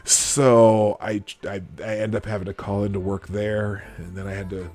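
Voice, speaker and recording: A man hosting a live show, telling a rambling story in a casual, animated way with lots of restarts. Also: lowish voice, moderate pace, soft background music. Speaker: show host.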